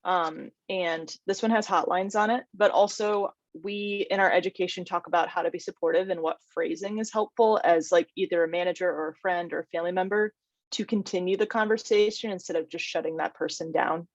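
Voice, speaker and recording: Woman guest speaker, mental health educator, lowish voice, dull dry call audio, chatty with fillers. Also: steady tone, a little fast, dry recording. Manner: conversational, frequent "um" and "like". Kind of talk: casual panel discussion.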